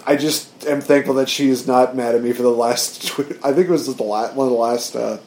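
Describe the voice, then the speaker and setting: A man's voice: mid-range voice, fairly even intonation, fairly quick, darkish tone. A man co-hosting a casual podcast, talking eagerly and rambling with lots of fillers. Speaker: podcast co-host. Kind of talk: casual chat. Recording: roomy echo.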